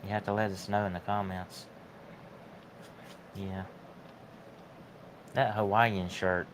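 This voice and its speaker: A man's voice: low voice, flat delivery, takes it slowly, slight background noise. A man co-hosting a casual livestream chat, joking in short interjections. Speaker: co-host.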